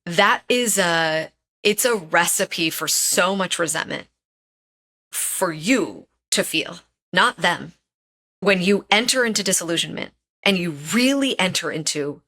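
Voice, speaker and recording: A woman's voice: on the low side, lively intonation, a little slow, sharp tone. A woman guest on a podcast, a relationship expert speaking earnestly and telling personal stories, repeating phrases for emphasis. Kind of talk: casual interview chat.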